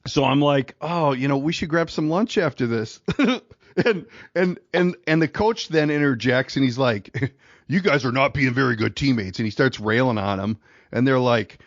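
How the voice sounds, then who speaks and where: A man's voice: medium pitch, normal speed, dry recording, highs cut off. A middle-aged man co-hosting a podcast, telling a long rambling story in casual chat and laughing through it. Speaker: podcast co-host.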